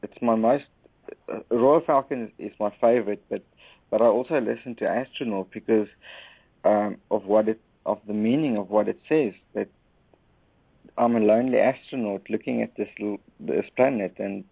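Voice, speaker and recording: A man calling in to a radio chat, soft-spoken, agreeable and earnest. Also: fairly low pitch, moderate pace, vocal fry, breathy edge, no room sound. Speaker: caller. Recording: dry tinny phone-like line.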